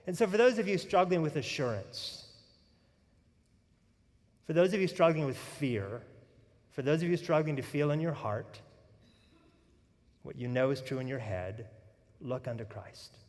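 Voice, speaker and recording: Earnest male pastor in an echoing hall. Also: fairly high pitch. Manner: storytelling, earnest, shifts from soft to emphatic. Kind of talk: sermon. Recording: reverberant hall.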